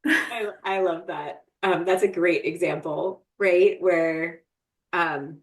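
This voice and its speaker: Low-voiced woman co-host explaining things. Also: slow. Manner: explains things thoughtfully, often adds "right?". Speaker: podcast co-host. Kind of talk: casual podcast chat.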